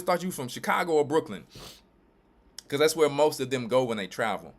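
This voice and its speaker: A mid-pitched man from Louisiana and Texas, a church elder and pastor, preaches his commentary in an animated, emphatic way. He repeats himself and quickly restarts his phrases.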